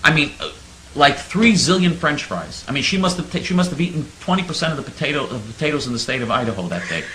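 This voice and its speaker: Radio host man, sharp bright tone, lively sarcastic delivery, roomy sound. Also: a little high, a little hiss or hum. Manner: mock-naive sarcastic storytelling. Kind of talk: sarcastic talk radio monologue.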